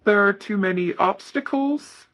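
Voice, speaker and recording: A woman giving a casual tarot reading, reading card messages aloud in a soft, hesitant way with many fillers. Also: mid-range voice, a little slow, a little hiss or hum, low-quality recording. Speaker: tarot reader.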